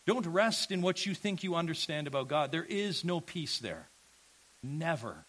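A man preaching a sermon, earnest and emphatic, asking his listeners rhetorical questions and swinging from quiet to loud. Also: a little high, sing-song, moderate pace, breathy edge, rough recording. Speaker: pastor.

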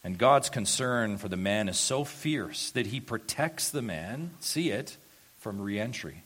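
A man preaching an expository sermon, reading scripture and swelling loud for emphasis before dropping low again. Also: expressive, measured pace, slightly rough. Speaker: pastor.

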